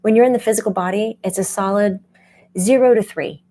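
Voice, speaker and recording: Mellow-voiced woman giving a spiritual talk. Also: medium pitch, a little fast, slight background noise. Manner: animated, laughs often, acts out quoted voices. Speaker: spiritual medium hosting a channel. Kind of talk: casual teaching talk.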